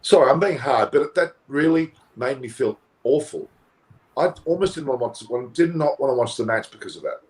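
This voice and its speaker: Speaking at normal speed with lively intonation and a medium pitch, an Australian cricket pundit vents on a post-match panel, forceful and indignant, repeating words in the heat of it. The recording is rough.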